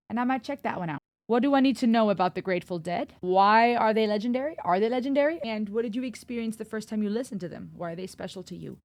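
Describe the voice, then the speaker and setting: A young woman talks through her first impressions in a relaxed, chatty way, musing aloud and asking herself questions as she goes. Her voice sits in an ordinary middle register. The sound is dry and close, with no room around it. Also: medium pitch, dry recording. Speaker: reaction video host. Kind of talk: casual reaction chat.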